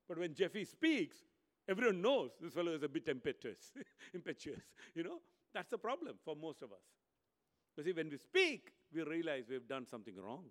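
A male preacher delivering a sermon in a slightly high voice. He swings between loud, emphatic lines and hushed, quiet ones.

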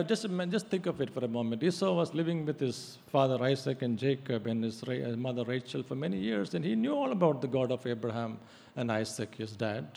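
Male preacher, higher-pitched, emphatic delivery with frequent pauses; long hall reverb. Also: gravelly, a little mellow. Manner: emphatic preaching with many hesitations. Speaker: pastor. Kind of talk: sermon.

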